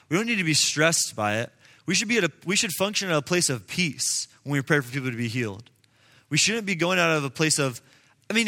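Young man in his twenties, fairly high, bright voice, informal preaching with lots of "like", long hall reverb. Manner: casual, earnest, uses many fillers. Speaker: speaker addressing a group. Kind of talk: personal testimony and preaching. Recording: long reverb in a large room.

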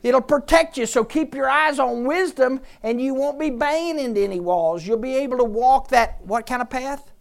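A woman's voice: high voice, normal speed, vocal fry. Woman teaching a Bible class. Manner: lively, jokey, quizzes the audience. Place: room with a group of listeners.

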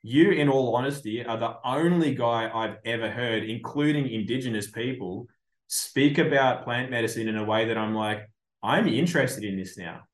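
A man hosting a podcast, talking in a blunt, profane, animated way in casual chat. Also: mid-range voice, normal speed, reverberant. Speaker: podcast host.

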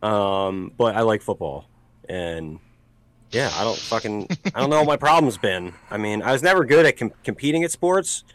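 A man co-hosting a casual podcast, telling a story in a profane, animated way with sudden shouted outbursts. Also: lowish voice, normal speed, slight background noise, low-quality recording. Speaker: podcast co-host.

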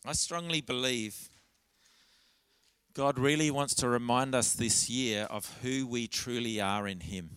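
A man's voice: medium pitch, a little slow, a bit bright, clear, resonant tone, no room sound. A man preaching a church sermon in an earnest, candid way, often restarting his phrases.

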